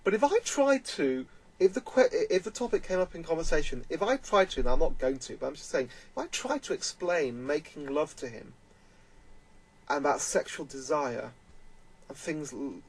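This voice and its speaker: A man's voice: fairly high pitch, lively intonation, normal speed, rough recording. A man giving earnest, emphatic spoken commentary, repeating his points as he explains. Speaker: vlogger.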